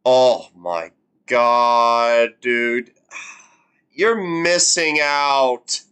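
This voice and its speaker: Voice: medium pitch, drawn-out words, fairly bright tone, clean tone. A reaction streamer chatting casually, stammering and repeating words, often breaking into laughs.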